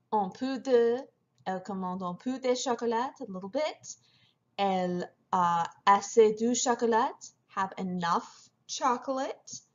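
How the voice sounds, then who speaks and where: A woman's voice: medium pitch, lo-fi sound. A woman teaching a French class, explaining step by step and mixing French phrases into her English. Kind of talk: classroom lecture over slides.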